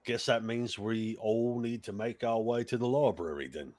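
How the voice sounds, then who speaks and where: A man voicing a formal, polite older male adventurer who speaks in a stiff, measured way. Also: fairly low pitch, darkish tone, lightly acted. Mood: calming.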